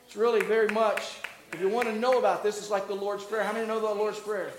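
High-voiced preaching pastor in echoey hall. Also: male voice, steady tone, fast talker, hardly any pauses, slight background noise. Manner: preaching, rising to loud emphatic peaks, then dropping low and soft; asks the congregation questions. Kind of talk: sermon. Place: church.

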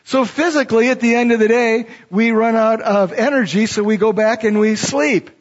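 A man's voice: very high voice, normal speed. A middle-aged man preaching a sermon, reading scripture verses and then explaining them in a teaching way. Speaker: pastor. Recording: dull lo-fi sound.

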